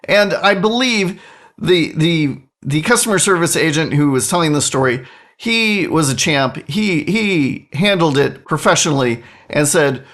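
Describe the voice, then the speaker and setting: A middle-aged man who hosts a podcast speaks his mind with indignant force, and his pitch swings widely. His talk is loose and unscripted, with words repeated as he hunts for the next phrase. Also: lively intonation, a little slow, a bit bright. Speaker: podcast host. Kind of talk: casual opinion monologue.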